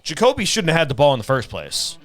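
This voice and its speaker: A man co-hosting a casual sports podcast, talking in halting bursts with frequent restarts. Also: a little high, huge pitch swings, soft background music. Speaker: podcast co-host.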